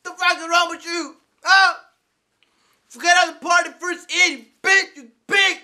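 A man's voice: steady tone, rapid-fire, fairly bright tone. A man voicing a furious young male gamer who screams and swears at his microphone. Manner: shrill screaming, swearing nonstop. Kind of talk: comedy skit.

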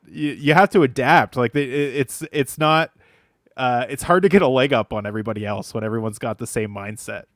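A man's voice: mid-range voice, normal speed, fairly bright tone, dry recording, clean studio sound. A man co-hosting a podcast while a bit congested from a cold, talking in an easygoing, rambling way. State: congested, under the weather. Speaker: podcast co-host. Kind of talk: casual podcast chat.

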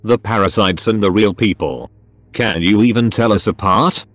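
A man's voice: fairly low pitch, moderate pace, fairly bright tone, no room sound, natural voice. A man doing a bitter, hateful gunman. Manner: mumbling, whimpering then snarling.

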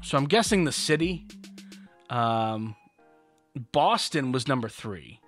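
A man's voice: mid-range voice, expressive, slow, a bit bright, faint music behind. A man co-hosting a podcast in loose, rambling casual chat, full of fillers. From Buffalo area, New York. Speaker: podcast co-host.

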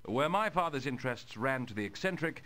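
A man's voice: mid-range voice, expressive, fairly quick, fairly bright tone, natural voice. An actor playing a courteous, sporty young male baron in a video game, speaking in a polished, formal way.

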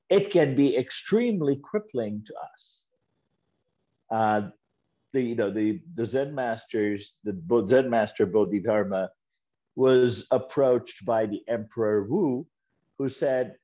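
A man's voice: medium pitch, lively intonation, a little slow, dark tone, breathy edge, dull audio. A man giving a sermon at a church service, telling parables and acting out the voices of the people in them, with emphatic repetitions. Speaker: guest speaker at a church service.

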